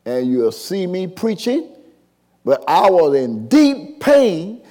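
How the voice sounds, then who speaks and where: An older preacher in his late sixties delivers a sermon in an unhurried, drawn-out cadence. His fairly high voice leaps wildly between murmured asides and shouted exclamations. He calls out to the congregation in classic call-and-response fashion. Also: huge pitch swings. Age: 60s.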